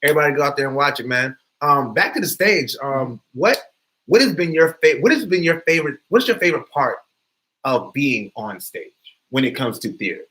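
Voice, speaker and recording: A man hosting a casual interview, asking eager questions and giving quick backchannels. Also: mid-range voice, animated, fairly bright tone, rough recording. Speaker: show host. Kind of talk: conversational interview.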